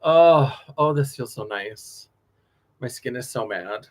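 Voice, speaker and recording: A man's voice: medium pitch, slow. Chatty man on a late-night livestream. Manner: chatty and animated, laughs often, drifts between stories. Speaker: drag performer hosting a livestream.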